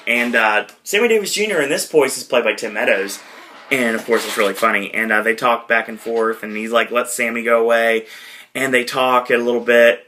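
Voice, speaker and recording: A man hosting a podcast, casually retelling a movie in a rambling way, with lots of fillers and quick impressions. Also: medium pitch, pushed and bright. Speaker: podcast host.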